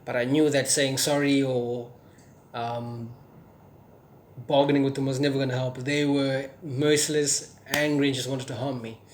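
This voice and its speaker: A man's voice: mid-range voice, little pitch movement, moderate pace, slight background noise. Earnest young man telling his testimony. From South Africa. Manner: earnest, with frequent fillers and restarts; stutters sometimes. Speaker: testimony speaker. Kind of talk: personal testimony.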